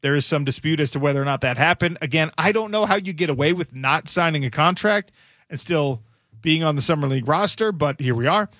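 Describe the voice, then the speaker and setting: A male sports radio host talks through the news in a casual, musing way, thinking aloud as he goes. His voice sits a bit high and rings bright and forceful. The studio mic is close and dry. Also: fairly quick, no room sound. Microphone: studio microphone.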